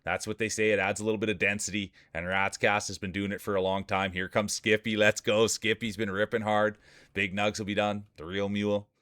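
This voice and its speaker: Low smooth voiced guy doing hype sports announcer calls for marble races on stream, dry close mic. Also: level tone, a little fast, fairly bright tone, dry recording. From Canada. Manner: hyped announcer patter, chatting with viewers. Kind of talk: playful sports-style race commentary.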